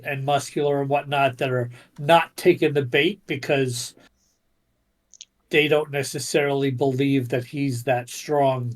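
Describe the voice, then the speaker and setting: A game master narrating a tabletop game, describing scenes haltingly with many pauses and fillers. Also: medium pitch, rough recording.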